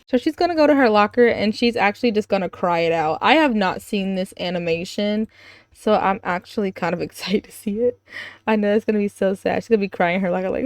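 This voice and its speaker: A woman's voice: medium pitch, lively intonation, moderate pace, no room sound. A young woman giving casual, chatty commentary over a life-simulation game, with sudden gasps and giggles. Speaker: gaming video creator.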